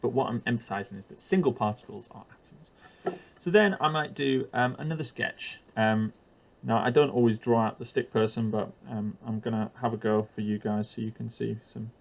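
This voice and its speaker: A man's voice: medium pitch, normal speed, vocal fry. A man explaining a chemistry lesson for teachers while drawing, hesitant with frequent ums and uhs and the odd self-deprecating aside.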